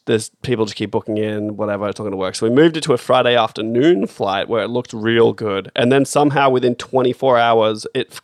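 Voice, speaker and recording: Gravelly laid-back Australian man. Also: mid-range voice, no room sound, clean studio sound. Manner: laid-back, swears casually, rambling storytelling. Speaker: podcast co-host. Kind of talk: casual chat.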